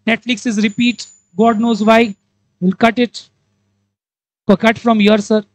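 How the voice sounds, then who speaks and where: A woman's voice: fairly high pitch, flat delivery, dry recording, poor audio. A woman with an Indian English accent teaching a live class, quizzing students and playfully acting out examples. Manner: playful, acts out examples in character voices; quizzing the class with rapid questions.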